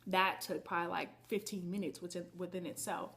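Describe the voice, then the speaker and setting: A woman's voice: on the low side, fairly even intonation, fairly quick, vocal fry, a bit bright. Candid, chatty woman vlogger. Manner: candid and chatty, talks straight to viewers. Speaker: vlogger telling her birth story. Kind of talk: casual storytelling to camera.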